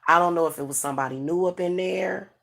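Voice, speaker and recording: A woman's voice: on the low side, quick pace, gravelly, fairly bright tone. A middle-aged woman, talking frankly and casually to her viewers, with many restarts and fillers. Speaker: spiritual advisor and channel host.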